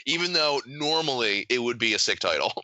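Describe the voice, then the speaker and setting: A young man co-hosting a podcast in casual banter, rambling and animated, swearing often and laughing a lot. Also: mid-range voice, brisk, no echo, rough recording. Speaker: podcast co-host.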